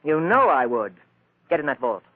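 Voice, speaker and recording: Cornered middle-aged crook, flustered and defensive, 1940s radio play, phone-thin sound. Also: male voice, high voice, big pitch swings, brisk. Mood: threatening. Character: panicky middle-aged male art collector turned crook. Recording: tinny old radio broadcast.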